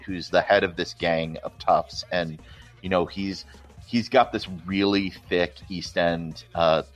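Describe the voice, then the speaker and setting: Deep-voiced man in casual movie chat. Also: fairly even intonation, measured pace, faint music behind. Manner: enthusiastic, rambling with restarts. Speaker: co-host.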